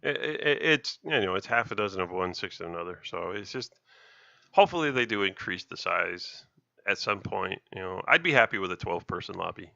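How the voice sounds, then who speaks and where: A man's voice: low-pitched, expressive, fairly quick, gravelly, sharp tone, no echo, lo-fi sound. A man co-hosting a gaming podcast in casual chat, opinionated and explaining at length. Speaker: podcast co-host.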